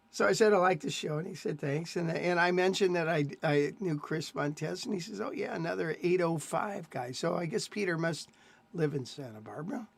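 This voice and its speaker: An older man hosts a live stream in a loose, rambling way, stringing stories together with plenty of filler words. His voice sits a little high for a man. The sound is close and dry, with no room echo. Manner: rambling, chatty storytelling with many fillers. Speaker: host of a jazz guitar live stream. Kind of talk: casual live-stream chat.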